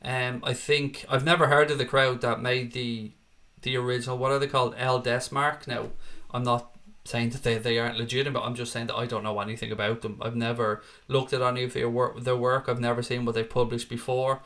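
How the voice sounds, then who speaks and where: A man's voice: medium pitch, level tone, a little fast, a bit bright. An Irish man hosting a fan channel, chatting casually and rambling through viewer comments with self-deprecating asides. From Ireland. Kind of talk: casual live-chat commentary.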